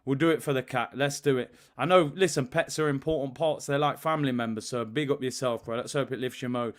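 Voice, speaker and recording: A man in his early thirties, possibly, hosts a live football watch-along, chatting casually, reading viewers' messages and shouting them out in lively bursts. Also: medium pitch, fairly quick. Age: 30s. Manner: animated, shouting out viewers and reading super chats. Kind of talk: casual live-stream chat.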